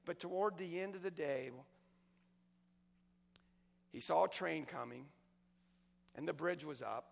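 Impassioned male preacher, high-pitched, long church-hall reverb. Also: measured pace, vocal fry, pauses often. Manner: impassioned storytelling, swinging between loud and hushed. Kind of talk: sermon.

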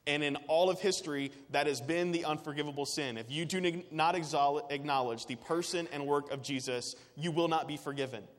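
A man's voice: a little high, in a large hall. A man preaching a sermon as pastor, earnest and emphatic, with repetitive phrasing.

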